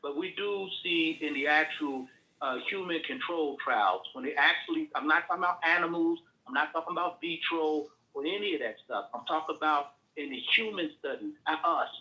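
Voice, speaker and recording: A man with a slightly high, bright and sharp voice insists on making his point in a casual online chat. He repeats himself as he explains. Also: low-quality recording.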